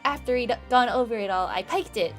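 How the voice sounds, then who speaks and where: A woman's voice: fairly high pitch, brisk, close to an everyday voice. A woman voicing a poor, defiant young Cockney girl from the slums, with a put-on Cockney accent and blunt slang, game music behind.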